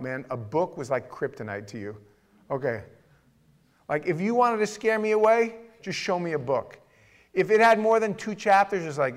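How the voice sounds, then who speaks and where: A middle-aged man preaching a conversational sermon, emphatic at times and dropping to quiet asides. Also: fairly high pitch. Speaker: pastor.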